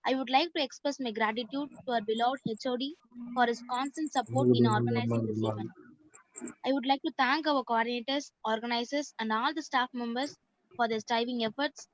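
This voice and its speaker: A woman's voice: fairly high pitch, animated, fairly quick, dry recording, highs cut off. A young woman student reading a formal vote of thanks over a video call. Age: young adult. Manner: formal, read-out.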